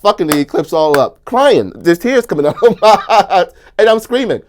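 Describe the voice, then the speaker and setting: A young man telling a crude story in casual chat, animated and bursting into shouts and laughter. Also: high-pitched, moderate pace, heavy background noise. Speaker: comedian guest.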